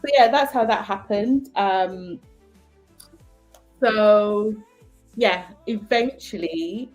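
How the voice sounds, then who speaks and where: A Jamaican woman with a Jamaican accent and a lowish voice is a guest in a casual, animated chat, telling stories, laughing often and leaning on lots of fillers.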